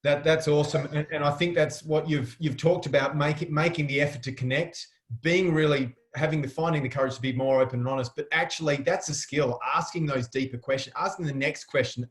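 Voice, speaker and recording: A man's voice: a little high, fairly even intonation, brisk, echoey room. An Australian man hosting a webinar, encouraging and restating his guests' points. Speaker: webinar host. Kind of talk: casual discussion. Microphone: video call.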